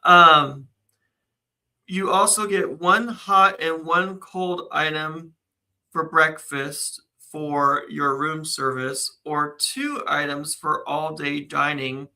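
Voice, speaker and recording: A man's voice: on the high side, steady tone, slow pace, pushed and bright, low-quality recording. A man co-hosting a casual live chat, reading out news items and laughing often. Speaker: co-host.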